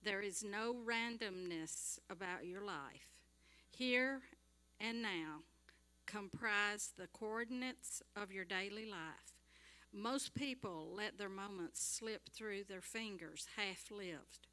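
A woman slowly reading scripture and a devotional passage aloud in a church. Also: medium pitch, sharp tone. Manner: slow, measured reading aloud.

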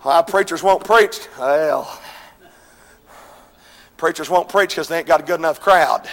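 A man preaching a revival sermon, swinging between shouted, chanted lines and quieter pleading passages. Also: unhurried, long pauses. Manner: shouting, chanting preaching with sudden drops to low intensity. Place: church. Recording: echoey church hall with congregation.

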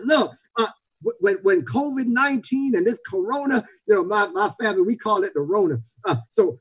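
A man preaching an impassioned sermon to his congregation online, shouting and repeating phrases as he builds. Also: high-pitched, expressive, moderate pace, slightly rough, poor audio. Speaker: pastor. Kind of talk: livestreamed sermon.

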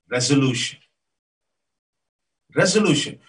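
A man preaching a sermon, emphatic and repetitive, his voice rising to near shouts on key points. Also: fairly high pitch, lively intonation, moderate pace. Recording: voice from a distance off mic.

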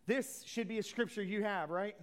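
A man preaching a sermon as a pastor, swinging from loud declarations to hushed asides, with folksy plain talk. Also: high voice, moderate pace.

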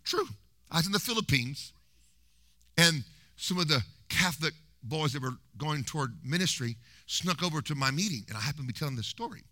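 A man preaching a sermon in a church, telling history as an animated, humorous story and mimicking voices. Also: on the high side, a little fast, dry recording.

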